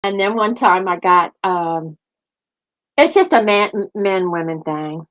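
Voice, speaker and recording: A woman's voice: lowish voice, animated, slow, a bit bright, poor audio. An older woman hosting a casual chat, telling family stories in a chatty way, laughing often and acting out what her family said. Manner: chatty storytelling, laughs often, acts out family members' lines. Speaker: host.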